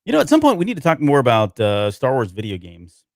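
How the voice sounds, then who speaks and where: A man's voice: medium pitch, huge pitch swings, quick pace, darkish tone, no room sound, clean studio sound. A man co-hosting a casual podcast chat, speaking hesitantly with many ums and restarts. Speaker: podcast co-host.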